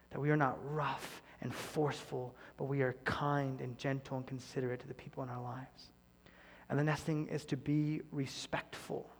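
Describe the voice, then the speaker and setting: Earnest pastor with a soft, hushed delivery. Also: male voice, medium pitch, big-room sound. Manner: earnest, often dropping to a soft near-whisper. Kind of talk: sermon.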